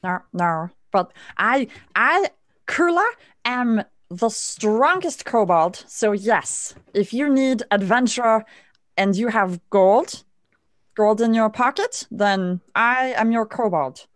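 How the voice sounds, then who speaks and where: A woman's voice: on the high side, animated, no echo, studio quality. A woman voicing a small, boastful kobold warrior who is greedy for gold, playing a tabletop game character. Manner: slow, halting, proud self-praise.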